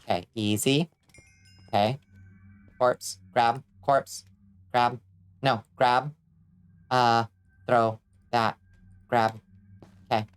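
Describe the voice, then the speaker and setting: A woman chatting loosely with her viewers while she plays a game. She talks in a relaxed, casual way, then yelps and curses whenever the game turns on her. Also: rumbling low, extremely slow, long pauses, clear, resonant tone. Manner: excitable, screams and swears when in danger. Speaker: streamer. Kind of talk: casual gaming stream chat.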